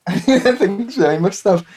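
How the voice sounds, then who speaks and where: A man's voice: high voice, lively intonation, takes it slowly, crowd noise. A man reading a listener's story aloud on a comedy podcast, laughing at it as he goes. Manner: giggly, keeps breaking into laughter.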